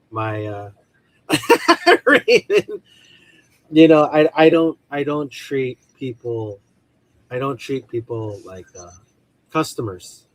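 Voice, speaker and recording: A man from the Filipino community, a toy seller, is a guest on a casual video call chat, speaking in a mid-range voice. He rambles and keeps repeating "at the end of the day," and the recording quality is low.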